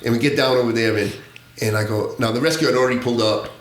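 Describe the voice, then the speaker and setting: A man's voice: medium pitch, fast, reverberant. A man telling a long undercover story in casual podcast talk, acting out the voices of the people in it, laughing often and swearing. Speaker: podcast guest, former narcotics agent.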